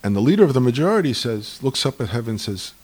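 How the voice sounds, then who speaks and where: Animated husky man telling stories. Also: mid-range voice, fast. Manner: lively, argumentative, acts out voices in anecdotes. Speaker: speaker on Jewish tradition. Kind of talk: animated conversational storytelling.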